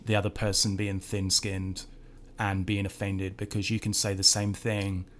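Lower-voiced man guesting on a podcast. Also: completely flat delivery, normal speed, a little hiss or hum. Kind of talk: casual podcast conversation.

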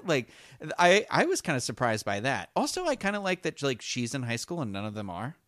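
A man co-hosting a casual fan podcast, talking in halting, rambling sentences full of restarts and fillers. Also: medium pitch, wildly swooping pitch, a bit bright, no echo, studio quality. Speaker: podcast co-host.

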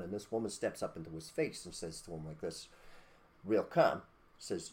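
A man's voice: deep voice, normal speed, a little mellow. A man hosting a podcast, talking in a blunt, preachy, casual rant with mild cursing and a habit of asking "okay?". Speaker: podcast host.

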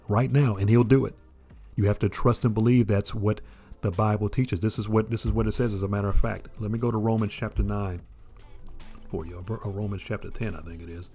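A man's voice: lowish voice, warm tone. A male preacher delivering an earnest, emphatic sermon and addressing the listener directly.

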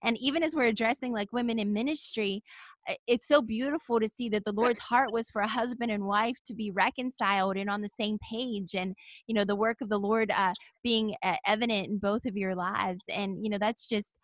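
A woman's voice: medium pitch, fairly even intonation, a little fast, dry recording. A woman pastor hosting a podcast, affirming and encouraging her guest. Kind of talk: podcast interview.

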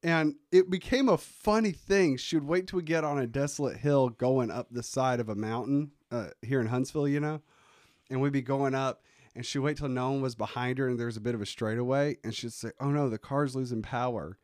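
A man's voice: mid-range voice, a little fast, no echo, studio quality. A man co-hosting a podcast, telling funny family stories in casual chat and laughing often as he talks. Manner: laughs a lot while telling animated stories. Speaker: podcast co-host.

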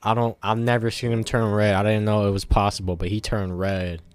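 A man's voice: on the low side, level tone, a little fast, no room sound. A man telling a casual, rambling story to the camera, full of fillers and swearing.

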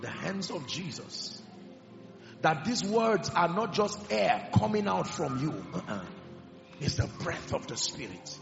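A man preaching a sermon with passion, swinging between loud declarations and hushed emphasis. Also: fairly high pitch, big pitch swings, measured pace, creaky. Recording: echoey hall with music behind, dull sound. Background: music.

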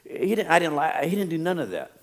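A man's voice: fairly high pitch, sing-song, fast talker. A man preaching a sermon as a pastor, telling stories with laughter and acting out other people's voices.

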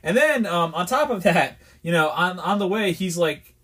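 A man's voice: a little high, lively intonation, fairly quick, hardly any pauses, fairly bright tone, husky. A man from New York, hosting a podcast and telling a rambling, exasperated story in a candid, casual way. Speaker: podcast host.

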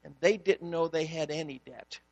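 A man's voice: on the high side, moderate pace, vocal fry, in a large hall. A man, a pastor, preaching a sermon and telling a story, acting out the dialogue. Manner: storytelling, animated, acts out dialogue.

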